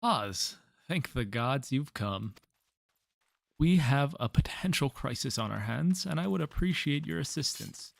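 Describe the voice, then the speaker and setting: A man's voice: mid-range voice, expressive, unhurried, creaky, no room sound. A man reading an urgent male quest giver's lines aloud from a game.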